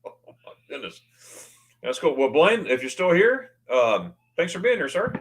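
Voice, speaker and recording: A man hosting a casual livestream, greeting viewers by name and reading their comments, excitable and often stammering as he restarts his words. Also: fairly high pitch, normal speed. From United States. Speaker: livestream host.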